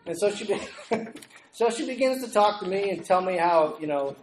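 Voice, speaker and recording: Animated preacher with a raised voice. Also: male voice, sits high, moderate pace, roomy sound, heavy background noise. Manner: animated, acts out the people in his story. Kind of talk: storytelling sermon. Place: church meeting room.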